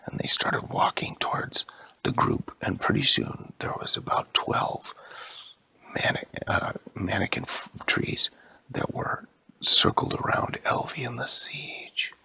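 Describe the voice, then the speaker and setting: Brief: husky, gravelly male storyteller, slow and halting, lively pitch. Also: no echo. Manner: slow, halting, often whispered. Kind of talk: improvised bedtime-style storytelling.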